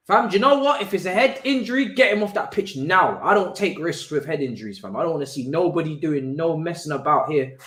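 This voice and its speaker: A man's voice: fairly high pitch, lively intonation, a little fast, fairly bright tone. A man hosting a live football watch-along, ranting in exasperated slang. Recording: roomy echo.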